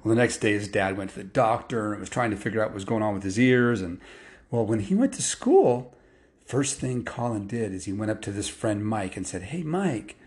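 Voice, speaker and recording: A man's voice: fairly low pitch, lively intonation, fairly quick, darkish tone. A rambling male storyteller. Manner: rambling, strings clauses with "and" and "well". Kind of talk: casual spoken storytelling.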